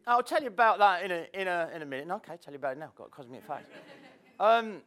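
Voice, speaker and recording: A man's voice: high voice, fairly bright tone. A man giving a chatty, self-mocking motivational talk to a live audience, with spontaneous storytelling. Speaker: motivational speaker. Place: seminar room with audience. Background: audience laughter.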